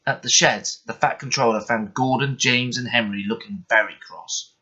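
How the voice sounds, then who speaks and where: A man reading a bedtime story aloud in an expressive, measured way. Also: mid-range voice, husky. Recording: muffled lo-fi recording.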